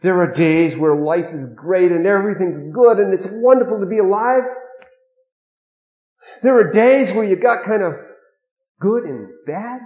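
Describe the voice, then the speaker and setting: A man preaching a sermon, earnest, dropping to a hush and then rising to emphatic stress. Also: sits high, animated, unhurried, long pauses, reverberant, lo-fi sound. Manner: earnest, with sudden swings between hushed and emphatic.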